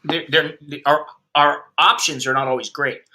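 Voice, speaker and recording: Sharp-voiced, profane American man ranting. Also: on the high side, fairly even intonation, normal speed. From United States. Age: 50s. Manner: profane, blunt, heated ranting. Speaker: expat vlogger. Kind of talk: ranting livestream chat with viewers.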